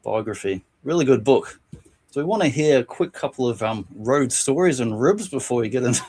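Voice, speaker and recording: A man co-hosting a casual podcast, reading and retelling funny anecdotes from a book, laughing often and doing quick voices for quotes. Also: mid-range voice, slightly rough. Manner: laughs often while telling stories, animated voices for quotes. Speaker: podcast co-host.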